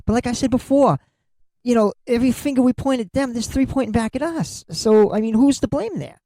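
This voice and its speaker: A man's voice: extremely high pitch, brisk, mellow, no room sound, low-quality recording. A middle-aged man hosting a solo podcast, talking bluntly and candidly and swearing freely. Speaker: podcast host.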